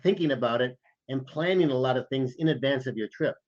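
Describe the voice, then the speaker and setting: A man co-hosting a podcast, telling anecdotes in a lively, casual way. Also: mid-range voice, a little fast, highs cut off. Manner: animated anecdotal storytelling. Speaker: podcast co-host, former intelligence officer. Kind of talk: casual chat.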